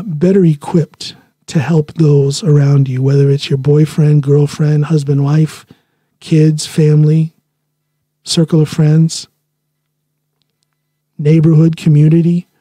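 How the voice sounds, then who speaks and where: A man hosting his own podcast wanders from point to point in easy, chatty talk. His voice sits a little high yet sounds very dark and mellow, with a husky grain. The sound is close and dry. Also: no room sound. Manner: rambling, chatty, laughs at himself. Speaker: podcast host. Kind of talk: casual solo podcast monologue. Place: living in Norway.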